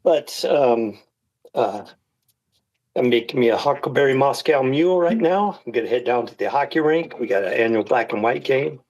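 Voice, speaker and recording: Relaxed male caller, mid-range voice, casual chat, hesitant. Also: medium pitch, moderate pace, a little hiss or hum, low-quality recording. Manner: laid-back, hesitant with many fillers.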